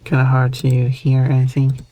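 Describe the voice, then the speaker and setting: Game music plays behind a bass-voiced woman who streams a game, speaking at a normal speed. She's relaxed and chatty, laughing often as she browses through options in casual commentary.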